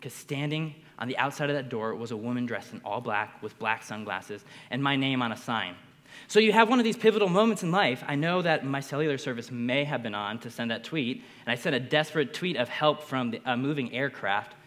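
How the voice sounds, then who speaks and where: A young man telling a keynote story to a crowd, his voice surging with excitement. The sound rings with long reverb from a large hall. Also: medium pitch, fairly quick. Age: young adult. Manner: energetic, builds to bursts of excitement. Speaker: conference speaker.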